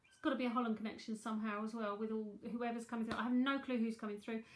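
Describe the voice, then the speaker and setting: A woman's voice: fairly high pitch, steady tone, rapid-fire, slight background noise. Chatty London woman giving psychic readings. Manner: chatty, repeats herself, reads out viewer comments. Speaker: psychic tarot reader. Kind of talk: live-streamed psychic reading.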